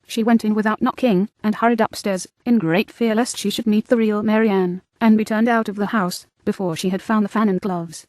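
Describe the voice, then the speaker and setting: Brief: female audiobook narrator, measured and clear, dry booth. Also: mid-range voice, fairly even intonation, a little mellow, dry recording. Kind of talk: scripted narration.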